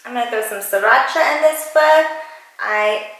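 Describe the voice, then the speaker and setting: A young woman in a casual, excited vlog, her high voice bubbly and sing-song. Her bright, forward tone bounces around a very echoey room at home. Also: moderate pace. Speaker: YouTuber. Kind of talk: casual mukbang vlog chat.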